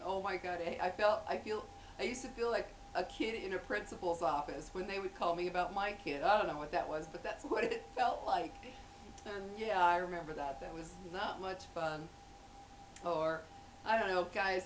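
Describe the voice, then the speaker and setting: A woman's voice: on the low side, a little hiss or hum. Middle-aged woman just chatting to the camera at home, laughs a lot, a bit far from the mic. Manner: chatty, laughs often, acts out little scenes. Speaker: vlogger. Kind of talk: casual chat to camera.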